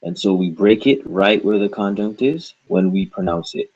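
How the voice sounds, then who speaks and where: A man's voice: on the low side, normal speed, a little mellow, husky. A man teaching a reading lesson, patiently sounding out syllables and repeating them for the learner. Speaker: language teacher. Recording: dull lo-fi recording.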